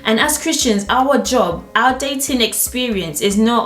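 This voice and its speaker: A woman's voice: on the high side, unhurried. Chatty young woman vlogging in a roomy space. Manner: chatty, expressive storyteller who laughs easily. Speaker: channel host. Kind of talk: casual vlog chat to camera. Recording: roomy echo with faint background music.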